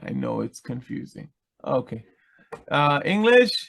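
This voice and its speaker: A man's voice: medium pitch, very animated, unhurried, gravelly. A man teaching an online Bible class, explaining patiently and checking in with "okay?" as he goes.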